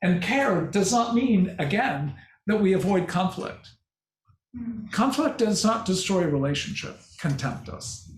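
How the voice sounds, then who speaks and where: An older man giving a conference talk and answering questions, speaking slowly and reflectively with halting restarts. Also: sits high, expressive. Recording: echoey hall with faint noise.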